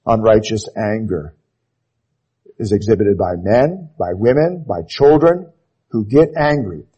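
A man preaching a sermon, emphatic and repetitive, often dropping to a quiet, low intensity at the ends of phrases. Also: lively intonation, measured pace, breathy edge, muffled recording. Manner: emphatic, repeats key phrases, drops to low intensity on closing words.

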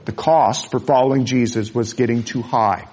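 A man preaching a sermon, earnest, dropping to soft low asides and rising to loud high peaks. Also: steady tone, moderate pace. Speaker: pastor.

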